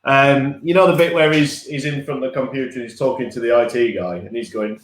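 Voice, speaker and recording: A man of middle pitch chats loosely and rambles from one thought to the next, chuckling at his own stories. The sound is roomy and echoey, as if he sits in a bare room at home. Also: fairly even intonation, a little fast, few pauses. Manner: chatty, rambling, laughs at himself. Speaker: podcast co-host. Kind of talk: casual live-stream chat.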